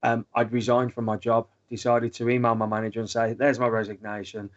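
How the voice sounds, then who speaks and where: A man being interviewed as a guest, telling his story in a relaxed way with frequent fillers. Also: mid-range voice, fairly quick, muffled recording. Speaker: guest medium. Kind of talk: interview answers.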